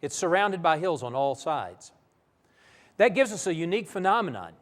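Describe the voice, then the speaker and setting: A man's voice: a little high, normal speed, in a large hall. A man preaching a Bible lesson in a church, telling the stories vividly. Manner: animated, vivid storytelling. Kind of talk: sermon-style Bible lesson.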